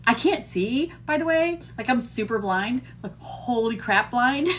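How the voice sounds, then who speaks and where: A woman's voice: fairly high pitch, animated, measured pace, slight background noise. A woman in her fifties hosting a casual livestream, bubbly and giddy, laughing often and poking fun at herself as she chats to viewers. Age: 50s. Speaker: TikTok livestream host.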